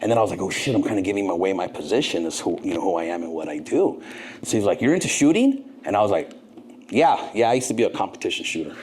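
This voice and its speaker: A middle-aged man, a podcast guest, telling a long story with lively, profane energy and acting out both sides of the dialogue. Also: fairly low pitch, slightly rough. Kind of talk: animated storytelling.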